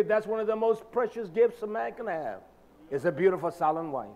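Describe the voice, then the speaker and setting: High-voiced man preaching emphatically. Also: a little fast, narrow, tinny audio. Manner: emphatic, addresses listeners directly, swings between soft and loud. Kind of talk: sermon.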